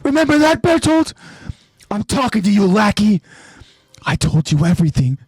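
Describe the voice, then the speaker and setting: A man's voice: fairly low pitch, slow pace, breathy edge, dry recording, heavily acted. A man voicing a furious, bitter young male soldier who accuses and screams at former comrades. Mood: accusing. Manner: shouting, accusing, rising to a scream.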